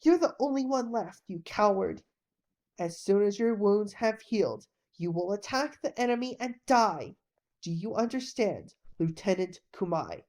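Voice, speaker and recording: A stern, scornful officer who barks harsh reproaches, as a woman reads him. The delivery is slow and mellow all the same. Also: mid-range voice, animated, natural voice. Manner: scolding, stern.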